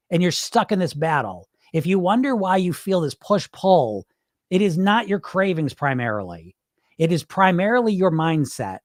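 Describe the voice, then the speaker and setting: A man's voice: high voice, big pitch swings, normal speed, no room sound, clean studio sound. A man coaching on weight loss in a livestream, answering chat in a blunt, profane, fired-up way.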